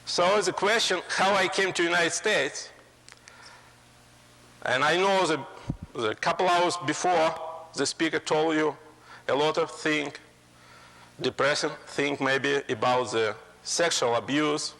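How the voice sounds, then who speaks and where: A Russian man in his forties lectures a college audience in plain, broken, Russian-accented English and slips in dry jokes. His voice is bright and sits a little high. A long reverb from the lecture hall trails after his words. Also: slow pace, vocal fry. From Russia (Moscow). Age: 40s. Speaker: guest speaker. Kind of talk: humorous lecture.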